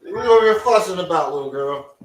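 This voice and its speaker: Loud, cursing young father. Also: high-pitched, animated, fast talker, roomy sound. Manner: loud, profane, scolding. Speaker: online show host. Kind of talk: casual livestream chat.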